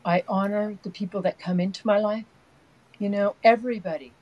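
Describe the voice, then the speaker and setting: An older woman, an energy healer, talks fairly quickly in a steady, medium-pitched voice, though the recording is muffled. As an interview guest in a casual spiritual talk, she rambles softly and earnestly, telling long stories.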